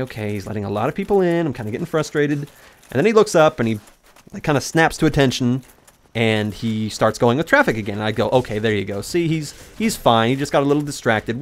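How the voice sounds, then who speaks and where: A young man narrating a rambling personal story while talking back to the video game he is playing. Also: medium pitch. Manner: rambling, animated, talks to the game mid-story. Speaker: gaming YouTuber. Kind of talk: let's play commentary with storytelling.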